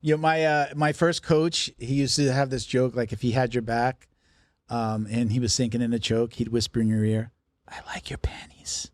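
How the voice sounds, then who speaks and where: A man's voice: mid-range voice, steady tone, normal speed, no room sound, studio quality. A man in his fifties hosting a podcast, talking in a loose, chatty, joking way. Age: 50s. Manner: chatty joker. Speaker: podcast host. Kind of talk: casual chat.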